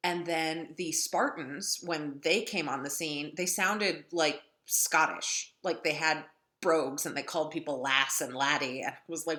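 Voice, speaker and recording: A woman lecturing on literature in a chatty, wry way, filling pauses with ums. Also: low voice, sharp tone. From North Dakota. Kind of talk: classroom lecture. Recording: echoey room.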